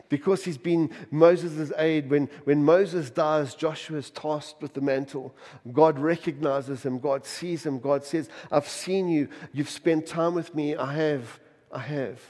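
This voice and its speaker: Emphatic middle-aged pastor in a reverberant hall. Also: male voice, on the high side. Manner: emphatic preacher, repetitive rhetorical questions, swings loud and soft. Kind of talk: sermon. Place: church. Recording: long reverb of a church hall.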